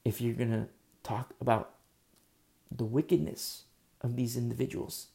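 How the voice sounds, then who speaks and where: A man preaching a sermon, impassioned, rising to emphatic questions and dropping to a hush. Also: medium pitch, measured pace, creaky.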